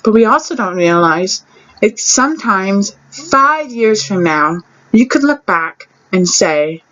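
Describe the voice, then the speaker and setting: A young woman telling a personal story to camera in a chatty, animated vlog style with little laughs and asides. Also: medium pitch, takes it slowly, muffled recording. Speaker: vlogger.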